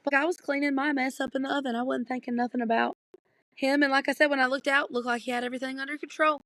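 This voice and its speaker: A woman's voice: high-pitched, little pitch movement, quick pace, fairly bright tone, no room sound. A woman, co-hosting a podcast in casual chat and laughing all through her story. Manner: laughs constantly while telling a story. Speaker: podcast co-host.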